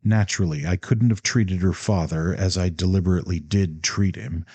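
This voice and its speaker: A proud, bitter young man with a cold, clipped edge, cutting in sharply and pressing his point, as a man reads him. The voice sits low and mellow. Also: moderate pace, slightly rough.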